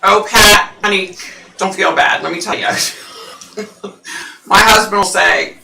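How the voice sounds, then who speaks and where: A woman hosting a psychic livestream, chatting casually with viewers and laughing often; her voice sounds unusually deep through the mic. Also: slow pace, gravelly, long pauses, echoey room, recorded from a distance, noisy background.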